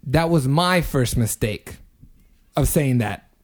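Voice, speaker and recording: A man's voice: mid-range voice, slow pace. A young man in his twenties, co-hosting a podcast, tells a story in casual chat with lots of swearing and building energy. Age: 20s. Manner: animated, profane, building a story step by step. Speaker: podcast co-host.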